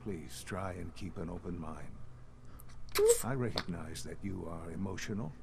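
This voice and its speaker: An actor playing a calm, composed older man who leads a secret science group, speaking in measured, lecturing tones in video game dialogue. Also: sits low, vocal fry, noisy background. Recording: game audio with faint music underneath.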